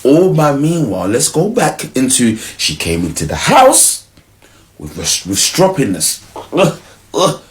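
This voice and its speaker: A man's voice: mid-range voice, huge pitch swings, a little slow. A man giving casual relationship advice, slangy and acting out both partners.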